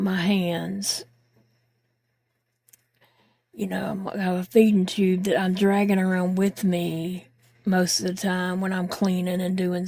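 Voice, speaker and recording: Slow, gravelly woman chatting candidly. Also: on the low side, dark tone, no room sound, clean studio sound. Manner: rambling, candid, frequent fillers. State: tired, short of breath. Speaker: craft vlogger. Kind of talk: casual chat while crafting.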